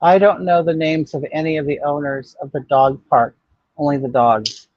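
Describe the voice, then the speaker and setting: A man's voice: fairly high pitch, fairly even intonation, moderate pace, no room sound. An older man hosting a casual livestream chat, talking in a sassy, blunt, gossipy way and answering viewers' comments. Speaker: livestream host. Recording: dull, muffled dry audio.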